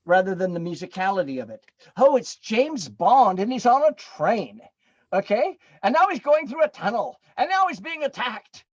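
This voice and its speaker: Lively storytelling man, dry lo-fi sound. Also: high voice, no room sound. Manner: animated storyteller who acts out quoted dialogue; chatty, with many fillers and restarts. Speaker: podcast guest, drum circle facilitator. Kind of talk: casual storytelling interview.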